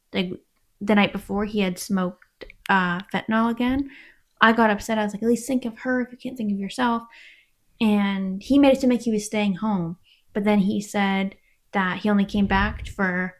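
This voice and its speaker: A woman guest, candidly telling her story, acting out what people said and swearing. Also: mid-range voice. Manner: candid storytelling, acts out quoted exchanges, swears. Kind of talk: casual interview.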